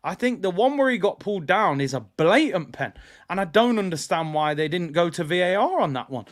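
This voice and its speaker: Young man, raised pitch, live match watch-along host, insistent and repetitive. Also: a little fast. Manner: animated, repeats himself, argues with chat. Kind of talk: casual live match commentary.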